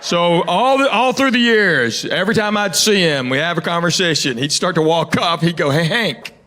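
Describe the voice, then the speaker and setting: A middle-aged man from Knoxville, Tennessee, performs a stand-up set on a comedy stage before a live audience, with music playing behind him. His high voice is animated and moves at a normal speed. He tells stories with quoted voices and tosses playful asides to the crowd.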